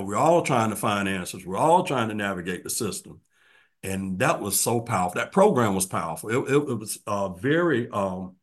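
A man in his sixties, a guest in an interview, telling his story earnestly and reflectively, often dropping to a soft, quiet voice. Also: on the low side. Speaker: guest, formerly incarcerated man.

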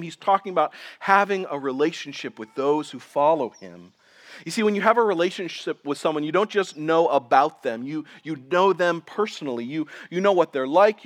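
Man preaching a sermon, slightly higher voice, earnest, slows for emphasis. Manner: earnest preaching, slows for emphasis, drops to quiet low lines. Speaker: pastor.

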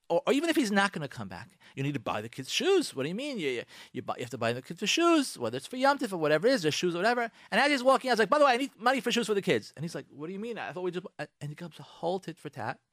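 Radio host, male, very lively pitch, acts out both sides of an argument. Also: no echo, clean studio sound. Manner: animated, acts out both spouses in quotes, lectures the listener directly. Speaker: radio host giving marriage advice. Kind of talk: direct-address advice talk.

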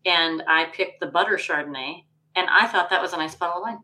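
A chatty woman podcast co-host with a lowish but bright, forward voice. She talks freely with plenty of fillers like "um" and "like". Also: brisk, low-quality recording. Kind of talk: casual chat.

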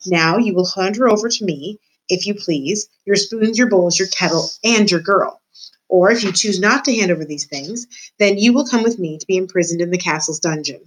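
A woman voicing a stiff, dutiful male soldier of the king who speaks formally and shouts to be heard. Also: mid-range voice, normal speed, natural voice, low-quality recording. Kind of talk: storybook reading.

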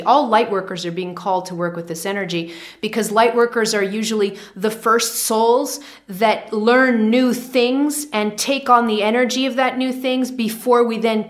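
A woman's voice: medium pitch, fairly bright tone. A woman giving a spiritual teaching monologue to camera, repeating phrases for emphasis and often checking in with okay.

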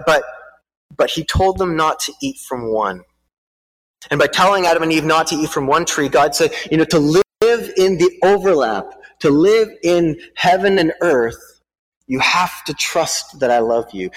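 A man giving a sermon to a congregation. He halts and repeats words while speaking freely, then reads a storybook aloud. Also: on the high side. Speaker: preacher. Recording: long hall reverb.

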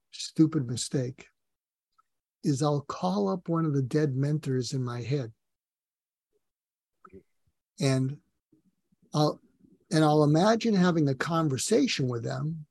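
Earnest, gravelly man sharing stories. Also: a little high, darkish tone, no echo. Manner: earnest, rambling, many fillers and restarts. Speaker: podcast guest. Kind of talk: casual personal storytelling.

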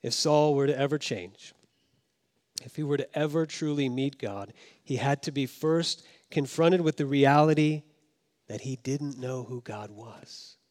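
A man preaching a sermon as pastor, swinging from loud emphasis down to hushed, quiet tones. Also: mid-range voice, unhurried. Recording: long hall reverb.

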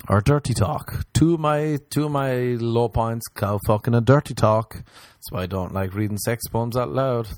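A man hosting a podcast, telling crude stories in a casual, joking way and mimicking other people in higher voices. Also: normal speed, hardly any pauses, darkish tone, no room sound. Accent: non-local, remarked on by others. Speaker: podcast host. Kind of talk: casual storytelling chat.

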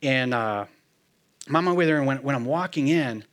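A man's voice: animated, moderate pace, fairly bright tone. A man telling a personal faith story in a casual, earnest way, often laughing and dropping his voice when quoting others. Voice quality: self-described hard-headed, plain-spoken. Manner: casual and earnest, laughs often, quotes himself and his friend in a lowered murmur. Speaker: speaker sharing a personal testimony. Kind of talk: storytelling testimony.

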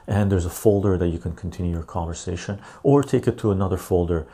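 A man with a gravelly, husky voice chats casually on a live stream. He reads viewer messages aloud and answers them in a loose, rambling way, full of fillers. His tone is mellow and on the low side. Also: fast talker. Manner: relaxed and rambling, with frequent fillers.

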